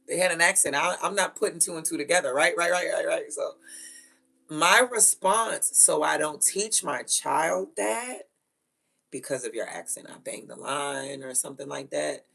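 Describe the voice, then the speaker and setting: A woman who is a mother, telling stories in a blunt, profane, animated way and laughing often. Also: low voice, normal speed, creaky, breathy edge. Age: adult with children. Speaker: vlogger. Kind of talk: casual storytelling rant.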